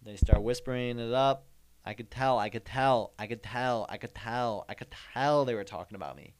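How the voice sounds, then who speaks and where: A man's voice: medium pitch, moderate pace, a little hiss or hum. A young man telling a comic story in a rambling monologue, repeating himself and making mock-indignant asides. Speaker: comedian host.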